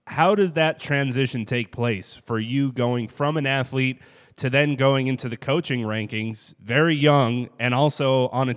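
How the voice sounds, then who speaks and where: Male host, mid-pitched, steady, long framing questions, reverberant sound. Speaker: podcast host. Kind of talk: interview questions.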